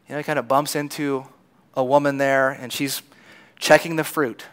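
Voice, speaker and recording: Man, pastor, conversational sermon, slightly high voice, playful asides. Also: fairly bright tone, smooth. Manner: conversational storytelling preacher, acts out bystanders' lines.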